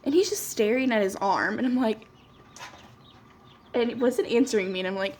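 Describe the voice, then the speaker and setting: A woman's voice: a little high, moderate pace, pauses often, a little mellow. A young woman chatting casually while doing her makeup, telling a story full of "like" fillers and quoted dialogue. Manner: chatty, lots of "like" fillers, quoting people in dialogue. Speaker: beauty vlogger.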